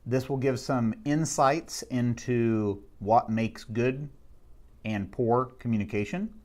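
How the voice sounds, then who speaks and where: Man giving a measured classroom lecture. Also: mid-range voice, a little mellow. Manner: measured, explanatory, with slowed emphasis on key words. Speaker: instructor. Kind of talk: recorded lecture summary.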